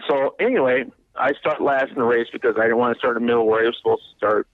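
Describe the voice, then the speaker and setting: Guy in his 50s from wisconsin, talks fast and loose, keeps restarting words, muffled radio audio. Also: mid-range voice, no room sound. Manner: rambling, laughing, repeats words when excited. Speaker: race car driver guest. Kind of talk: animated storytelling in a radio interview.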